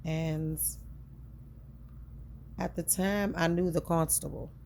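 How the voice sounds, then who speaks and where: A woman with a somewhat low voice recounts a hard chapter of her life. She talks conversationally and earnestly, circling back and repeating herself, her feelings close to the surface. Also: steady tone, slow, gravelly, a little mellow, a little hiss or hum. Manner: earnest, emotional, conversational with repetitions. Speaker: storyteller. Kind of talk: personal storytelling.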